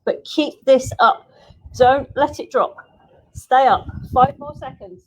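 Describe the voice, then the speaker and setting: A fairly high-voiced woman talks a home workout class through each exercise. Her coaching is upbeat and chatty, and she sounds slightly out of breath as she moves. She is recorded by a camera set some distance away. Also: steady tone, takes it slowly, breathy edge. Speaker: fitness instructor. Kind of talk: live workout class instruction.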